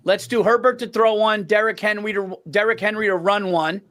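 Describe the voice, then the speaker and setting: A man's voice: high-pitched, steady tone, fairly quick, a bit bright, slight background noise. A man co-hosting a casual sports podcast, talking football betting picks in a loose, laughing way. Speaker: podcast co-host.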